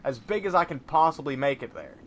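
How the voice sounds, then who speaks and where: A man's voice: on the high side, expressive, brisk, a bit bright, slight background noise. A man co-hosting a gaming show, casually telling a long story and often laughing mid-sentence. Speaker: co-host playing a video game.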